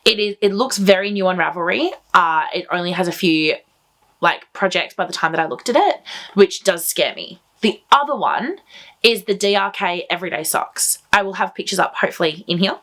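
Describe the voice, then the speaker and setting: A woman's voice: lowish voice, a little fast, a bit bright. A woman hosting a knitting podcast, chatting casually to camera at home in an enthusiastic, rambling way.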